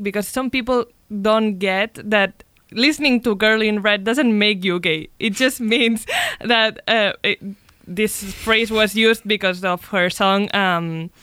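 Woman with a smooth, dry-recorded voice. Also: mid-range voice, fairly bright tone, no echo. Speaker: podcast co-host. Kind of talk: casual chat.

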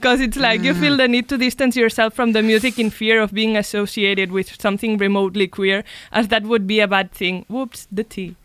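A woman's voice: mid-range voice, steady tone, a little fast, few pauses, a bit bright, clear, resonant tone. A woman co-hosting a podcast, speaking earnestly and thinking aloud in casual chat. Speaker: podcast co-host.

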